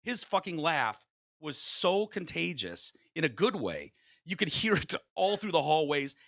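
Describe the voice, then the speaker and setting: Profane podcast host: gravelly man, bright tone, muffled recording. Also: on the high side, measured pace. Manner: swears freely, animated storytelling. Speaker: radio host. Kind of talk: casual podcast chat.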